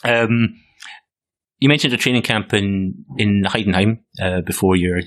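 A man's voice: lowish voice, unhurried. A man hosting a casual interview. He laughs along with his guest and gives brief reactions. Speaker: podcast host.

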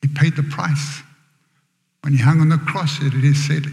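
A man preacher telling a story in a sermon, dramatic and dropping to hushed whispers, in a large church hall. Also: a little high, steady tone, moderate pace, long pauses. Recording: echoey hall with long reverb.

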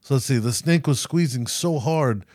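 A man co-hosts a casual comedy podcast, swearing freely and telling an anecdote with lively energy. His voice is mid-pitched and recorded dry and close, with no room sound. Every so often he slips into quick put-on voices. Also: no room sound. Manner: profane, animated storytelling with playful put-on voices. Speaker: podcast co-host.

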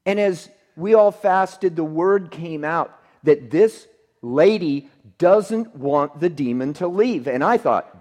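A male pastor delivers a sermon in a voice pitched a little above most men. He tells his story in waves, pressing hard on key lines, then falling to a near hush for the tender moments. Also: lively intonation, slow. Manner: storytelling, swings from emphatic to hushed.

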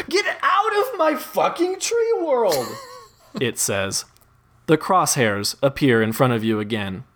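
Wry man narrating a choose-your-path story. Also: mid-range voice. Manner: wry, deadpan, often laughing.

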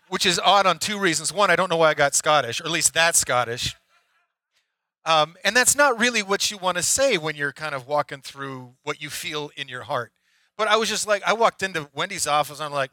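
A man's voice: a little high, moderate pace, bright, forceful tone, no room sound, rough recording. A man preaching a sermon as pastor, talking candidly and conversationally with frequent restarts. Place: church sanctuary.

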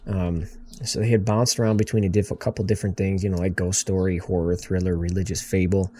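A man's voice: low voice, little pitch movement, fast talker, warm tone. A man in a casual film discussion, laid-back and agreeable, adding details and trivia. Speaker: podcast co-host.

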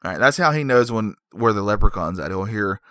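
Rambling, joking man with a low voice. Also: lively intonation, fairly quick, a bit bright, no room sound, clean studio sound. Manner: digressive, self-mocking, joking asides. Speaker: comedic movie recapper. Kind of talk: rambling comedic plot recap.

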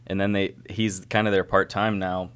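A man's voice: sits low, level tone, moderate pace, a bit bright, clean tone. A man in casual chat as a guest brewer, rambling and restarting his sentences often.

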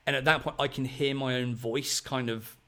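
A man in his thirties, a podcast host telling a long story in a rambling, excitable way, full of fillers. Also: medium pitch, moderate pace. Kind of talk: casual storytelling chat.

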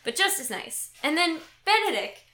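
Lively high-voiced young woman, animated. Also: normal speed, roomy sound, a little hiss or hum. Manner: animated, laughing, acts out quoted lines. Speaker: podcast host. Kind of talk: casual chat retelling a play.

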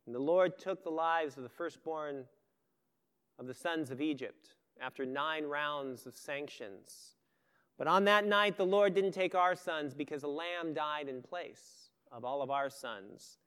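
Man doing a gentle serious dad, hushed and earnest, fairly high voice. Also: a little slow, smooth. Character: solemn, tender father telling his son their story.

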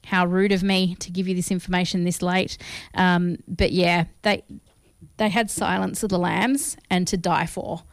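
Woman, co-host, smooth clear voice, dry close sound, giggly and rambling. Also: on the low side, steady tone, moderate pace, no room sound. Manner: giggly, rambling, self-mocking. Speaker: co-host of a film review show. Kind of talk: casual radio chat.

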